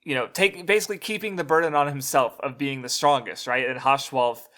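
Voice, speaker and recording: A male guest in a casual discussion, talking haltingly with many fillers and restarts. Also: mid-range voice, bright, forceful tone.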